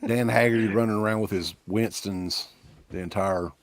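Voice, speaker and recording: A man's voice: fairly low pitch, steady tone, normal speed, a loud crowd. A man from Kentucky with an Eastern Kentucky accent, a podcast guest telling rambling stories in casual chat. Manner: rambling storyteller.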